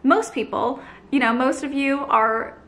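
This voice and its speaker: A woman's voice: high-pitched, unhurried, a bit bright. A young Canadian woman with a Canadian accent, venting to her vlog audience in an upset, apologetic and exasperated way, full of fillers and restarts. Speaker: vlogger. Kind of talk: emotional direct-to-camera rant.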